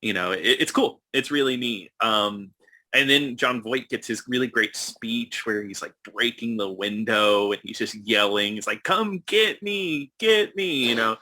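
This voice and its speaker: A man's voice: lowish voice, fairly even intonation, moderate pace, bright, forceful tone. A man co-hosting a movie podcast in casual chat, talking with enthusiasm and many fillers. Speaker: podcast co-host.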